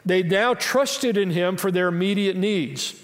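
A man's voice: high-pitched, measured pace. A man preaching a sermon to his congregation. He asks emphatic rhetorical questions and drops in humorous asides. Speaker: pastor. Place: church sanctuary. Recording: long hall reverb.

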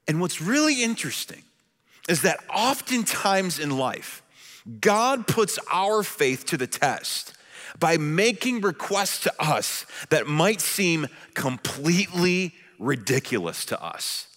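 A man preaching a sermon as a pastor, animated and storytelling, his voice rising loud when he acts out questions. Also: fairly high pitch, slow pace, big-room sound.

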